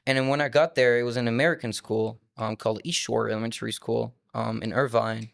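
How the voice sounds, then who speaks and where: Young man, twenties, from France, French native speaker, musician guest, rambling casual talk, mid pitch, dry close sound. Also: flat delivery, a little fast, vocal fry, dry recording. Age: 20s. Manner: loose, rambling storytelling with many "like" fillers. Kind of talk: casual interview chat.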